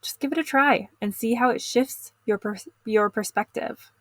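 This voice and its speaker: A middle-aged woman coaching teens in an instructional video lesson, calm and encouraging, speaking straight to the viewer. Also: fairly high pitch, normal speed, no room sound. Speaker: teen stress coach.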